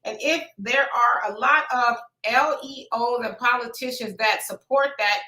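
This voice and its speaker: A woman with a bright, high-set voice hosts a relaxed live chat. She reads comments aloud in a folksy manner and laughs easily. Her voice rings in an echoey room. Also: a little slow. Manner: laid-back, folksy, laughs often. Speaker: host reading viewer comments. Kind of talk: casual live-stream chat.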